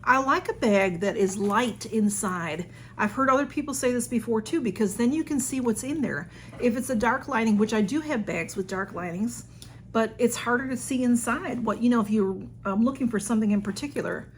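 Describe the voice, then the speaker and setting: A woman's voice: fairly high pitch, fairly quick, a little hiss or hum. Gushing woman unboxing a gift. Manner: gushing, exclaims the sender's name, chatty with fillers. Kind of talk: casual unboxing chat.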